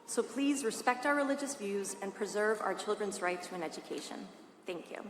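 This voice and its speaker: A woman reads a solemn, pleading statement to lawmakers. Her voice is of middle pitch. The sound echoes around a large hall with faint background hiss. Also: expressive, a little fast. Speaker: parent testifying at a public hearing. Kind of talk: reading prepared testimony. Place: large state legislative hearing room.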